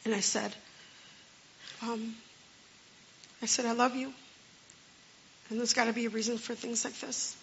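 Woman with a gravelly voice, earnest testimony. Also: on the high side, little pitch movement, slight background noise. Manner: earnest and halting, with many restarts. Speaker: storyteller sharing a personal testimony. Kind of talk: personal testimony, spoken story. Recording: dull lo-fi recording.

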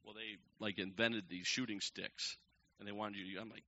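A man telling a long personal story to a crowd from the pulpit, acting out each quoted person with sudden jumps in pitch and loudness. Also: normal speed, a little hiss or hum. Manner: animated, acts out the quoted people with big jumps in pitch and loudness. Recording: dull lo-fi recording.

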